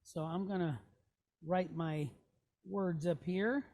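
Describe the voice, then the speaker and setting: A woman's voice: fairly low pitch, steady tone, slow, dark tone. A woman teaching a classroom lesson, patiently walking through letters and checking in with her students. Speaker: Hebrew teacher.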